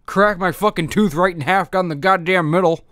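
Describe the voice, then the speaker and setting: A man's voice: high voice, fairly quick, fairly bright tone, no echo, studio quality. A man hosting a podcast, ranting angrily and profanely with half his face numb after dental work. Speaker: podcast host. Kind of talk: angry comedic rant.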